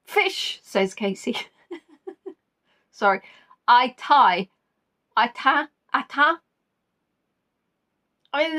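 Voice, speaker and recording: A woman's voice: high-pitched, fairly bright tone. A woman hosting a live online quiz, reading out players' answers and teasing them playfully. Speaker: quiz host.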